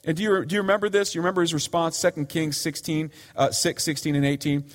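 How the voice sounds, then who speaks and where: A man's voice: fairly high pitch, steady tone, fast, long reverb tail. A man preaching a sermon in an earnest, pleading way, his voice rising and falling for emphasis. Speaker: pastor.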